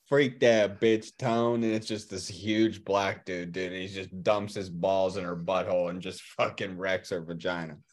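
A man's voice: low-pitched, level tone, moderate pace, few pauses. A man telling crude stories bluntly in casual podcast banter.

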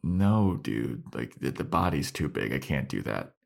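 A man's voice: a bass voice, big pitch swings, measured pace, vocal fry, a little mellow, voice pushed down, exaggerated voice. A man voicing Jonathan, a panicky, nervous young male sidekick who whines hesitantly. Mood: whiny.

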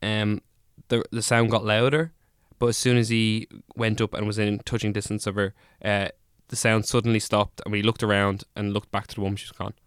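A man's voice: fairly low pitch, flat delivery, a little fast, few pauses, smooth, no room sound, studio quality. A young man on a casual podcast, retelling a ghost report in a jokey way, correcting himself as he goes. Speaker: podcast co-host.

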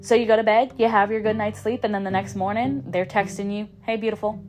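A woman's voice: mid-range voice, steady tone, brisk, darkish tone, faint music behind. A woman hosting a podcast, talking casually and upbeat in a coaching tone, often repeating and restarting her phrases. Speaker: podcast host. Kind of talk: casual motivational monologue.

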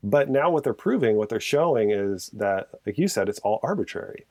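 This deep-voiced man speaks briskly in casual conversation, pressing his point with real passion while wandering off and fixing his own words. The sound is close and dry, with no room around it.

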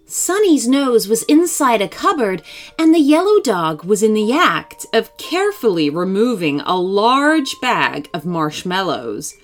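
Slow, expressive woman storyteller for a children's read-aloud. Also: mid-range voice, soft background music.

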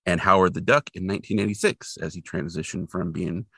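A man's voice: low-pitched, brisk, fairly bright tone, slightly rough, dry recording, studio quality. A man co-hosting a podcast, retelling a TV episode in casual, rambling chat with lots of fillers. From Portland, Oregon resident since 2003. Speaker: podcast co-host.

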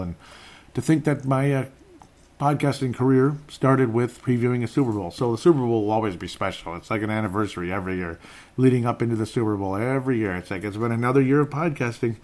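A man's voice: medium pitch, darkish tone. A man in his thirties hosting a podcast, rambling casually as he reads out listener comments and laughs often. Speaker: podcast host. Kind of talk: casual live-stream chat reading comments.

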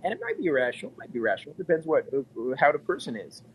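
Podcast guest, male, animated and chatty, leans on repetition and laughter. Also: a little high, very fast, slight background noise, rough recording. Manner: animated, repeats himself, laughs often. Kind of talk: casual storytelling chat.

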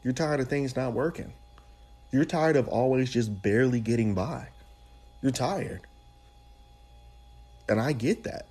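A man's voice: medium pitch, a little slow, pauses often, a little mellow, slightly rough. A man preaching a sermon in a conversational way, repeating phrases for emphasis.

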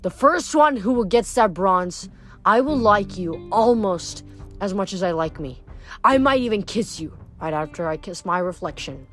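A woman's voice: mid-range voice, animated, a little slow, fairly bright tone, soft background music. Woman putting on a vain, pompous young man. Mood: indignant. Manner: pompous, indignant.

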